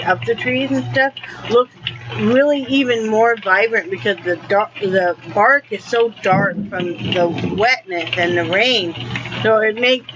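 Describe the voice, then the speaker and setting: Lady rambling on in a folksy chatty way, dull lo-fi recording with lots of noise. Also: a little high. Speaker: vlogger. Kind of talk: casual chat.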